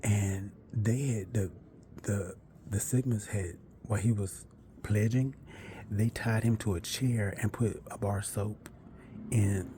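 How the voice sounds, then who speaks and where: A man recounts personal stories in a loose, conversational ramble, correcting himself as he goes and sometimes sinking to a hush. His voice sits on the lower side, dark and mellow in tone, with a faint hum of noise behind him. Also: steady tone, slow pace. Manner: chatty and conversational, with asides and self-corrections, sometimes dropping to a hush.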